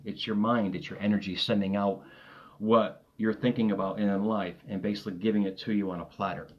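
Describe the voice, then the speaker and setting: Guy doing a motivational live stream at his desk, kinda low voice, chuckles a lot, muffled sound. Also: darkish tone. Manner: rambling, upbeat, laughs often, repeats himself. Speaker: motivational coach. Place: home desk.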